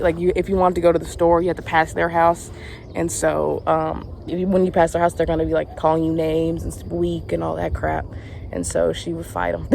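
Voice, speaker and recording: A woman's voice: on the low side, vocal fry, a little mellow, slight background noise. A young woman with a Southern American accent, chatting casually outdoors in a rambling vlog story. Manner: rambling, chatty, many restarts and fillers. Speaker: vlogger, camp counselor. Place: outdoors, rural, in the sun.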